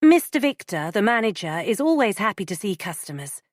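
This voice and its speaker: A woman voicing a young female bank assistant with a bright, rehearsed politeness in an audiobook. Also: medium pitch, very animated, brisk, no echo, clean studio sound, voice pushed up. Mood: polite.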